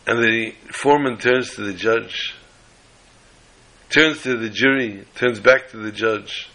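A man narrates a story with flair, dropping to near-whispers and then rising again. His delivery is slow and deliberate, and his voice carries a bright, forceful edge. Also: on the low side, poor audio. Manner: dramatic, with big swings between loud and hushed. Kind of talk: dramatic oral storytelling.

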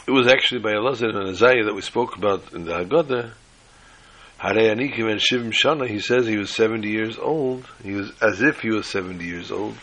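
A man teaching a sermon-style lesson and telling a joke along the way. His voice is gravelly and bright, with a husky edge. He restarts his phrases often and mixes in Hebrew and Yiddish words. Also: lowish voice, quick pace, few pauses, poor audio.

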